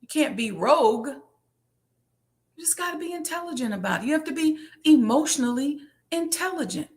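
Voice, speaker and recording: A woman's voice: high-pitched, expressive, fairly quick, a little mellow. A woman hosting a business question show, talking in an impassioned, preachy monologue and repeating phrases for emphasis.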